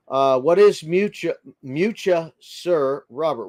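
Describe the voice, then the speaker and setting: A friendly American man hosts a casual livestream, reading out comments and greeting viewers one by one. His voice sits a little higher than most men's. It sounds dry and close, with no room echo. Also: lively intonation, slow pace, few pauses, darkish tone. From United States. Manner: friendly, chatty, greets viewers by name and muses aloud. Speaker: livestream host.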